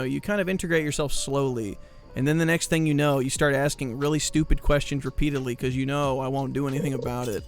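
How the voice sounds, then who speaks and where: A man streaming live, chatting with his viewers in a rambling, joking, mock-exasperated way. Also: mid-range voice. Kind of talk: casual chat with viewers.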